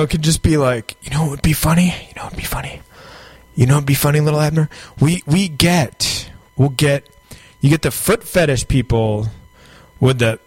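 A man's voice: fairly high pitch, no echo. A man hosting a freeform radio show, talking in a rambling, jokey way with many fillers. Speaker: radio host. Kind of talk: rambling casual monologue. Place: radio studio.

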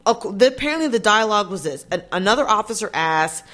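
A woman's voice: medium pitch, animated, fast talker, fairly bright tone. Blunt, profane woman vlogger. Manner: chatty, addresses viewers directly. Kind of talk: casual news commentary.

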